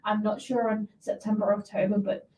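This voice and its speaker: A woman calling in with a question for the host, hesitant and halting. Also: medium pitch, little pitch movement, dark tone, a little hiss or hum. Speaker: caller. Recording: echoey and distant.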